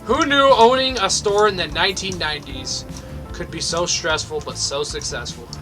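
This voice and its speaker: Young male gamer host, ranting and cursing for laughs, high bright voice, game music faint underneath. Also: normal speed. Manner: ranting, sweary, mock-angry. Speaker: gaming video host. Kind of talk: let's play commentary.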